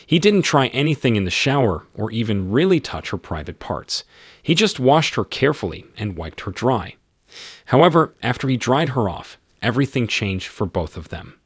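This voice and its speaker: Male narrator, husky, dry close sound, measured storytelling. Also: lowish voice, no echo.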